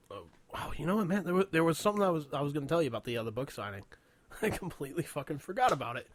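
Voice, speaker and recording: A man's voice: a little high, expressive, fast. A man hosting a casual radio chat, telling stories with lots of swearing and laughter. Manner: laughs often, swears, retells stories in quoted voices. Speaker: radio show host.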